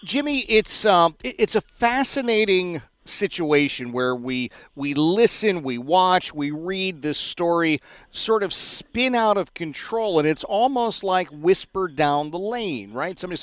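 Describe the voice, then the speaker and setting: A man's voice: high-pitched, lively intonation, unhurried, dry recording. A man hosting a radio talk show, asking rambling, questioning follow-ups with hesitant restarts.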